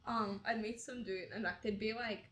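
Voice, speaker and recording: A woman's voice: mid-range voice, steady tone, normal speed, a bit bright, poor audio. A young woman chatting casually as a tattoo client, rambling with many fillers and swearing. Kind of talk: casual chat.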